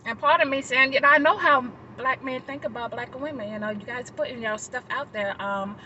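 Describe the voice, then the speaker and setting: A woman vlogger telling a personal story to her viewers, animated and laughing, then reflective. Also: brisk, highs cut off, a little hiss or hum. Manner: animated, laughing, high-pitched exclamations; reflective, talking to the audience. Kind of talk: casual storytelling to camera.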